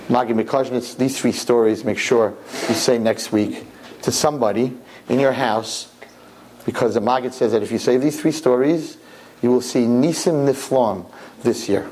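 Religious storyteller man, lively sermon, repeats himself, mid pitch. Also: moderate pace. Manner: animated, repeats phrases.

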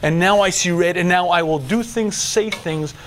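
A middle-aged man giving a religious lecture to men, animated, dropping to a hush and then shouting as he acts out inner voices. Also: high-pitched, moderate pace, a little hiss or hum. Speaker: religious teacher. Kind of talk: lecture to a men's audience.

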